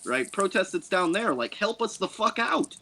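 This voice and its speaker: A man on a panel, talking in halting bursts, repeating words and checking in with the listener. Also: high voice, sing-song, pushed and bright, a little hiss or hum, rough recording. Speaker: panel member. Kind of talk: panel discussion.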